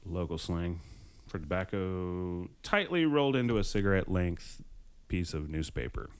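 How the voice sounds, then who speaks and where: A man hosting a podcast in casual chat, joking crudely with frequent swearing and halting restarts. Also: low-pitched, clear, resonant tone. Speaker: podcast host.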